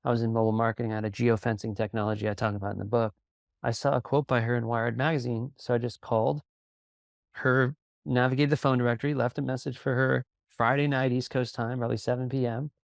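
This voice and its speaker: A man speaks as a guest on a podcast, telling stories in a calm, unhurried way. His voice has a gravelly, fried texture at a middle pitch. The recording is close and dry. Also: dry recording. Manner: calm, even delivery with quick bursts of storytelling. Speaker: sales coach and podcast guest. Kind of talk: conversational interview.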